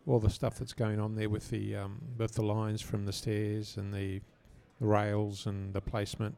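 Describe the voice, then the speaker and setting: A man offers a brief, hesitant judge's comment on a photo. His voice is low and gravelly with a flat delivery. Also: normal speed. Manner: hesitant, with many ums. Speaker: competition judge. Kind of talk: spoken critique.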